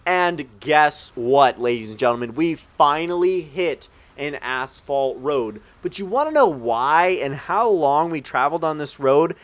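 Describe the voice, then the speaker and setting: A man's voice: a little high, expressive, measured pace, few pauses, fairly bright tone. A young man telling a rambling, profane story in a casual storytime video, talking straight to his viewers. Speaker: gaming channel storyteller. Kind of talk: casual storytime over gameplay.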